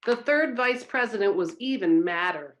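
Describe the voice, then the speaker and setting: Expressive woman reading a story. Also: mid-range voice. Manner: expressive, slow, engaging the listeners. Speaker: story reader at a church service. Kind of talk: reading a children's story aloud.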